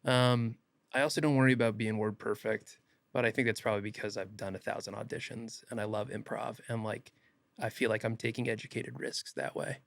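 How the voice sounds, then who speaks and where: Young guy on a podcast, dry close sound, lively storytelling. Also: on the low side, a little fast, gravelly, no echo. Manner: animated, laughs often, acts out quotes. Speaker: actor guest. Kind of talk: casual podcast interview storytelling.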